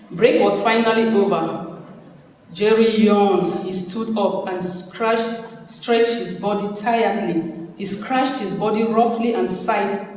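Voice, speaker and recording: A man reading a novel aloud to an audience in a measured, unhurried way, at a panel event. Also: high voice, fairly even intonation, darkish tone. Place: large hall. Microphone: far from mic. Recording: echoey hall from far off, faint noise.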